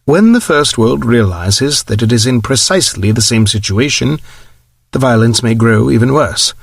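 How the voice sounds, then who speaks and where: A calm, formal woman commissar with a British accent, read by a male narrator. She speaks in measured, even sentences. The sound is dry and close. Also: medium pitch, creaky, no room sound.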